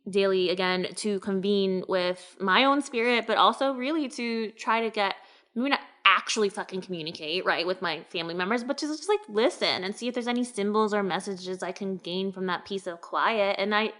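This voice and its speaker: Bright, clear-voiced woman podcast host. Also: mid-range voice, moderate pace. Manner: laughs often, swears casually, chatty. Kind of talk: casual chat.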